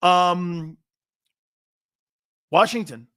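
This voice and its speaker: A man hosting a sports talk show, brash and profane, arguing loudly with his co-host. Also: high voice, drawn-out words, smooth, no room sound.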